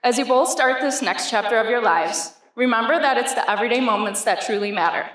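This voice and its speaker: A woman's voice: on the high side, brisk, fairly bright tone. A woman giving a wedding toast, joking and then sentimental, at a reception. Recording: echoey reception hall with crowd. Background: guests laughing.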